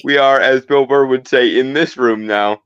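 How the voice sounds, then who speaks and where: A man's voice: medium pitch, normal speed, fairly bright tone, clean tone, no echo, lo-fi sound. A man in a casual group chat who complains in a dry, exasperated way.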